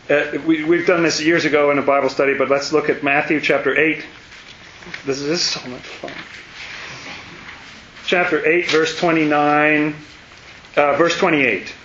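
A man leading a casual Bible study, animated and exclamatory, his voice jumping up when excited. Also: a little high. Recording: dull, roomy, faint hiss.

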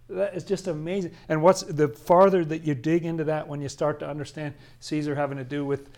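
A man's voice: fairly high pitch, fairly even intonation, fairly quick, few pauses, a little mellow. A man leading a Bible study, commenting on scripture in a casual, chatty way with frequent chuckles and emphatic asides.

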